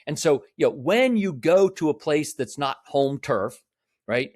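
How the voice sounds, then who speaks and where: A man's voice: on the high side, animated, measured pace, darkish tone, no echo, clean studio sound. A man speaking as a podcast guest, earnest and explaining, often checking in with "right?". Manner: earnest, frequent "right?" tag questions. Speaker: podcast guest, real estate developer. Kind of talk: conversational interview.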